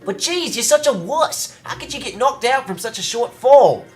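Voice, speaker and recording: A man's voice: very high-pitched, animated, moderate pace, soft background music, pitched above the performer's own voice. A man voicing a brash, cocky young woman thief in a video game, teasing and tough-talking.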